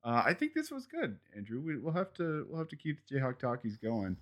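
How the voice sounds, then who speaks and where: A man co-hosting a sports podcast, jokey and animated in casual back-and-forth banter. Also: mid-range voice. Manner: animated, jokey, quick to laugh along. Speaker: podcast co-host.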